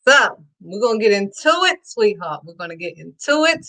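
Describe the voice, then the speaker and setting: A woman hosting her own faith talk show, excitedly preaching to her viewers and calling them sweetheart. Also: mid-range voice, normal speed. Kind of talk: casual preaching to camera.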